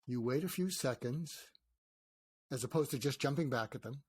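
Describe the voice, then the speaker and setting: A man's voice: mid-range voice, moderate pace, slightly rough, no echo. An older man, a psychiatrist and author, talking in a conversational interview and acting out snippets of dialogue as he explains. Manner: animated storyteller, acts out quoted dialogue.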